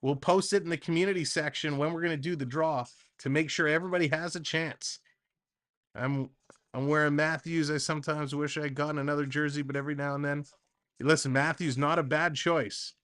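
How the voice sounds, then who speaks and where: A man hosting a live hockey stream calls the play-by-play a little fast in a fairly high voice. He's excitable and talkative, stopping between calls to read his viewers' comments.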